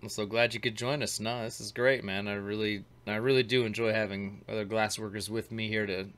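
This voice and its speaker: A man's voice: lowish voice, level tone, brisk, a bit bright. A man hosting a casual glassblowing talk show, chatting loosely with slang while commenting on a demo. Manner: laid-back, slangy, talks over a glassblowing demo. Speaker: host.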